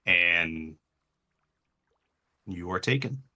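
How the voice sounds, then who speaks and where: Slow, halting male game master. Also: sits low, animated, bright, forceful tone. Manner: halting, filler-heavy narration. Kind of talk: narrating a tabletop game.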